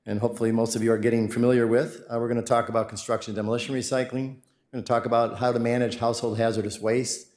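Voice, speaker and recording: A man's voice: medium pitch, little pitch movement, fast talker, darkish tone. Rambling man presenting in an echoey room. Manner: friendly, rambling, frequent fillers and restarts. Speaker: company presenter at a city meeting. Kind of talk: public presentation to residents. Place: city council chamber.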